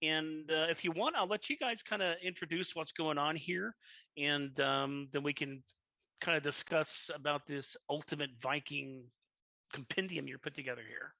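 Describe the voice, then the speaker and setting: A man's voice: a little high, moderate pace, vocal fry, bright, forceful tone, dry recording. A man hosting a casual chat on a video call, joking and self-deprecating. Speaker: podcast host. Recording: dull lo-fi audio.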